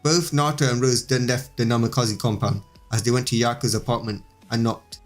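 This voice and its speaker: Male host reading a fan story aloud, unpolished delivery, mid-pitched. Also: fairly even intonation, soft background music. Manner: unpolished, quick reading with small slips. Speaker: channel host and narrator.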